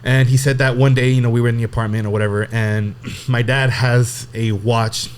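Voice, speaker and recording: A man's voice: mid-range voice, fairly even intonation, fairly quick, clean tone. Rambling young man telling a story. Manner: rambling, many fillers and restarts, swears casually. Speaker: podcast guest telling a story. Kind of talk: casual storytelling chat.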